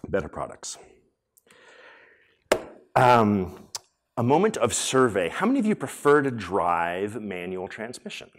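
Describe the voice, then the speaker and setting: A man hosting a conference session and giving a conversational talk, with many fillers and restarts, polling the audience. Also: lowish voice. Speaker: conference speaker and room host. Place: conference hall.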